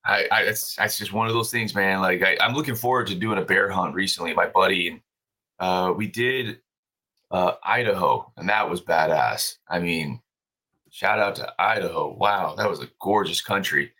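A man's voice: sits low, moderate pace, pushed and bright. A man as a podcast guest, telling a story in a loose, profane, casual way and laughing often.

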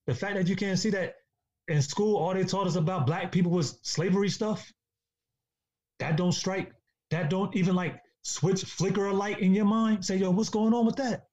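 A man's voice: high-pitched, darkish tone. A man in a casual podcast discussion, talking in an emphatic, preachy way and repeating himself for stress. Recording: dull lo-fi sound.

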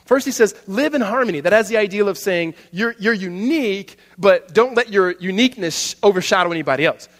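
A man preaching a sermon, telling stories animatedly and dropping to a soft voice for emphasis. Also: sits high, a little fast, few pauses, long reverb tail. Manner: animated storytelling, laughs often, drops soft for emphasis. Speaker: pastor.

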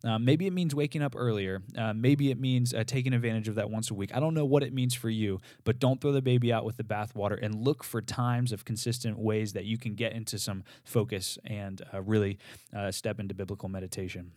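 A man's voice: fairly low pitch, fairly even intonation, fairly quick, a little mellow, no echo, clean studio sound. A man co-hosting a podcast, earnestly teaching and repeating key phrases for emphasis. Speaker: podcast co-host teaching on meditation. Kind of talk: casual teaching talk.

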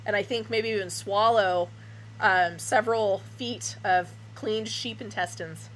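A woman's voice: mid-range voice, measured pace. A woman co-hosting a casual podcast chat about horror films, making dry, sarcastic asides. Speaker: podcast co-host.

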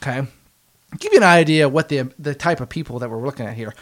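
A man in his late twenties telling a story in a casual, animated way, acting out what people said and swearing freely. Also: medium pitch, fast talker. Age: 20s.

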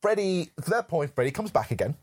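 A podcast co-host in a casual film discussion, talking in an animated, rambling way full of "like" and "literally", with swearing. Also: mid-range voice, fairly quick, slightly rough.

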